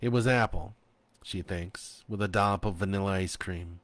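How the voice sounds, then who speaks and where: A man narrating his own horror story in a slow, expressive reading. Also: deep voice, dry recording.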